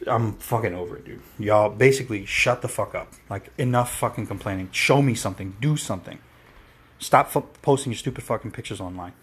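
A man's voice: fairly low pitch, slightly rough. A man hosting his own podcast, delivering a heated, profane, rambling solo rant full of restarts. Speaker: podcast host.

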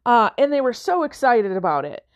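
A woman's voice: a little high, very animated, normal speed. A woman telling a personal story about coaching and mentoring, chatty, with fillers and acted-out quotes. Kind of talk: conversational storytelling talk.

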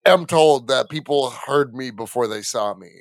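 A man guesting on a casual podcast, loud and boisterous in his talk. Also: medium pitch, normal speed, no room sound, clean studio sound. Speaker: guest, comedian. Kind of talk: casual chat.

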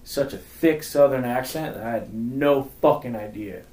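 A man from New York in a casual podcast chat, telling blunt, heavily sworn stories that trail off quietly. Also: medium pitch, moderate pace, echoey room, poor audio. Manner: blunt storyteller, heavy swearing, trails off quietly. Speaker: podcast co-host.

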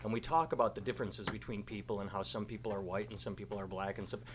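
A man co-hosting a podcast, telling a story at a relaxed pace with a dry sense of humor. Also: lowish voice, fast talker, background noise. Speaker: podcast co-host. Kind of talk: casual podcast chat.

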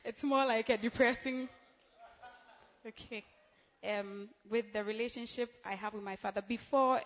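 A young woman, giving a chatty, giggly church testimony full of fillers, in a large church hall. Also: medium pitch. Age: young adult. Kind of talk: emotional spoken testimony. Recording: reverberant hall, dull sound.

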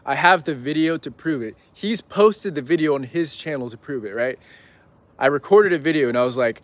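Rambling young man, slightly high voice. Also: moderate pace. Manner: rambling, heavy use of "like" and "right?". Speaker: podcast guest. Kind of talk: casual interview storytelling.

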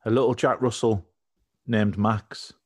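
A man's voice: on the low side, steady tone, measured pace, a little mellow. Man telling a cheeky story. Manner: rambling, cheeky, laughs at his own jokes. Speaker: podcast co-host. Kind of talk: casual comic storytelling.

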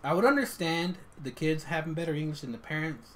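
A man co-hosts a casual podcast with a lively, swooping delivery that sits a little high. His voice has a bright edge, and he laughs often as he chats. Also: quick pace, slight background noise. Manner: animated, chatty, laughs often. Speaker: podcast co-host. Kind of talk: casual chat.

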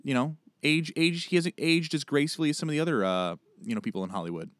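A man co-hosting a podcast in casual chat, animated and joking, with quick asides. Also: on the high side, dry recording, clean studio sound. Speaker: podcast co-host.

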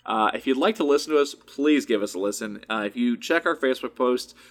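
Young male podcast co-host, lively storyteller, swears a lot, wide pitch swings. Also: fairly quick. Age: young adult. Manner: animated storyteller, swears freely, acts out quotes. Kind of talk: casual podcast chat.

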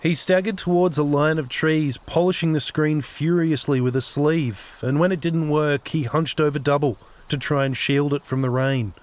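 A man's voice: fairly high pitch, fairly even intonation, moderate pace, few pauses. Man narrating an audio novel. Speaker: narrator and author.

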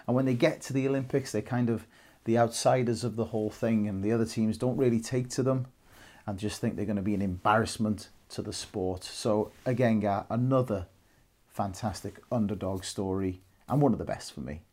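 A man's voice: on the low side, brisk, a little mellow. A Welsh man in his thirties co-hosting a casual film podcast, chatty and rambling, laughing often. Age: 30s. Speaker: podcast co-host.

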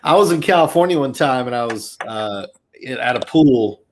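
A man's voice: mid-range voice, lively intonation, moderate pace, a little hiss or hum. Rambling Southern American man. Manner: rambling, digressive, many fillers. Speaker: podcast host. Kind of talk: casual chat.

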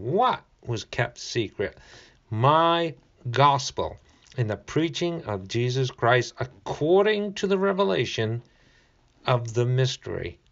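A man teaches the Bible in a relaxed, conversational way, leaning on each key word. He talks very slowly and stops now and then to find his verse. The recording is dull and lo-fi. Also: medium pitch, vocal fry. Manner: slow and deliberate, stressing key words; reads scripture aloud, pauses to find verses.

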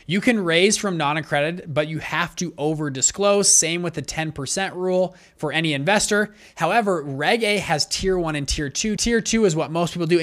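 A man with a somewhat high voice teaches investing at a whiteboard. He talks in a brisk, conversational way and often restarts his sentences as he explains. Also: a bit bright. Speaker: fund manager teaching investors. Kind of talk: whiteboard lesson.

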